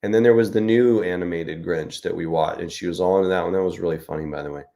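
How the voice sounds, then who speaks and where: A middle-aged man hosts a casual live-stream, joking and chatting through viewer comments. His voice is low and gravelly. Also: fast, warm tone. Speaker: host.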